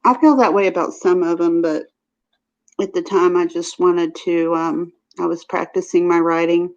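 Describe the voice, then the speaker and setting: A woman's voice: lowish voice, fairly even intonation, normal speed. A woman with a Southern US accent hosting a casual live stream, chatty and laughing often. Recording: dull lo-fi stream audio.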